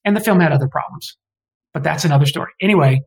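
Man from Alabama, interview guest, fry-edged voice, digressive, frank opinions, self-corrections. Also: on the high side, fast, poor audio. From Alabama, US South. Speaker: guest historian. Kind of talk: conversational interview.

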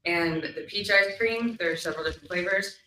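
A woman hosting a casual chat, talking freely with many ums and quick laughs. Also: lowish voice, sharp tone, a little hiss or hum. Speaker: host. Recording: roomy, mic at a distance.

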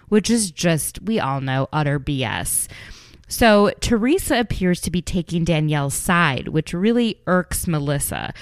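A woman with a somewhat low voice recaps reality television for her podcast listeners. She talks in an animated, gossipy way and slips into the quoted lines as she tells them. The recording is dry and close, with no room sound. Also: no echo. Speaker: podcast host.

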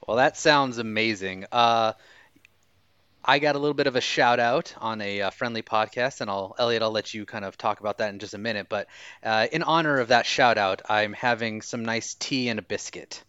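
Low-voiced male co-host, polite, slow; muffled dry line. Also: a bit bright, clean tone, no echo. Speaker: podcast co-host. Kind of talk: casual podcast chat.

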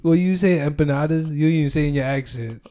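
A man's voice: fairly high pitch, fairly quick, mellow. A young man co-hosting a podcast, chatting casually with lots of slang and laughter. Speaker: podcast co-host.

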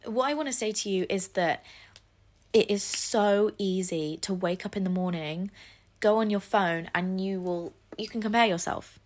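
A woman's voice: mid-range voice, a little slow, a little mellow. A young woman hosting a solo podcast, speaking earnestly and encouragingly, with self-deprecating asides. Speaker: podcast host.

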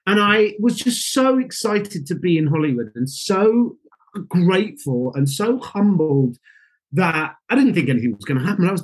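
A man, a guest, telling stories from his acting career in a casual interview, animated and acting out his own reactions. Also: a little high, unhurried, rough recording. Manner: animated, acts out quoted reactions. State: getting emotional.

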